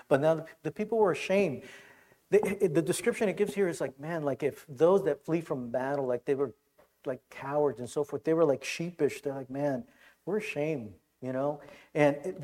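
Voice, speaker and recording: A man preaching a sermon, reading scripture aloud and explaining it with animated, dramatic emphasis. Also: on the high side. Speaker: pastor.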